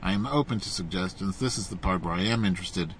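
A man's voice: low-pitched, quick pace, a bit bright, slight background noise. A man talking alone in his car into a clip-on phone mic, ranting in a profane, rambling way. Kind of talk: casual monologue. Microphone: clip-on mic attached to a phone.

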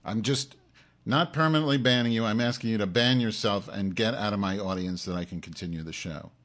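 A man's voice: fairly low pitch, brisk, fairly bright tone. A man hosting his own live-stream show, in an angry, profane rant aimed straight at his audience.

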